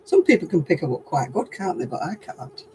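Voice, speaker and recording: A man's voice: fairly high pitch, big pitch swings, fairly quick, warm tone, a little hiss or hum, low-quality recording. An older man hosting a casual livestream chat, talking in a rambling, chatty way and laughing often. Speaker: host.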